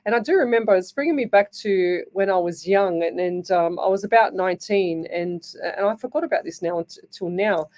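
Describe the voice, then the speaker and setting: A woman's voice: lowish voice, fairly quick, few pauses, darkish tone. An Australian woman hosting live radio as a psychic medium, chatting and rambling through stories with lots of fillers, from a radio studio.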